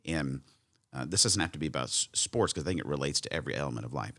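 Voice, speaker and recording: A man's voice: extremely low pitch, expressive, quick pace, pushed and bright. A man in his forties hosting a podcast, talking thoughtfully and rambling with restarts. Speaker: podcast host. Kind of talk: conversational interview.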